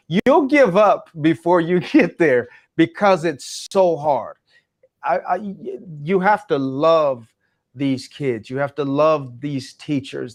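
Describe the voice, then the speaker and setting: Passionate, emphatic male speaker. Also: a little high. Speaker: guest, education speaker. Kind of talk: interview answer.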